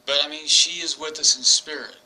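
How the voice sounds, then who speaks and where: A man in his forties telling a personal story to camera, rambling and halting with many restarts. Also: on the high side, steady tone, sharp tone, low-quality recording. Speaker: vlogger. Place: England.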